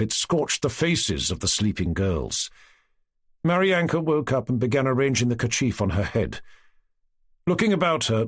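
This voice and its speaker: A man narrating a classic novel as an audiobook in a measured storytelling way. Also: mid-range voice, husky, dry recording, studio quality. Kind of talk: scripted narration.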